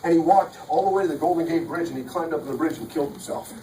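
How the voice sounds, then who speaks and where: A man's voice: a little high, racing, dark tone, a little hiss or hum. A man giving a punchy, joking motivational sales talk to a live audience, recorded from a distance in a large hall. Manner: punchy, jokey, preacher-like. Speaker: motivational speaker. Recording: echoey hall from far off.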